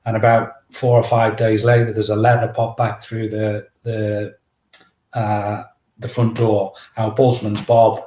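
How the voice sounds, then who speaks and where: A man's voice: on the low side, unhurried. Chatty man telling a story. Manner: lively, anecdotal, acts out dialogue. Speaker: guest, memoir author. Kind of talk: casual storytelling. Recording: roomy echo.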